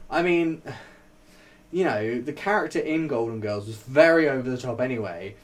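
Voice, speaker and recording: A man chats through his thoughts in a loose, rambling way, leaning on fillers and breaking into little laughs. His voice sits at an ordinary middle pitch. The mic is set slightly away from him, so he sounds a touch distant. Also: animated, moderate pace. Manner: chatty, rambling, laughs often, many fillers. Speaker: vlogger reviewing a TV show. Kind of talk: casual spoken review.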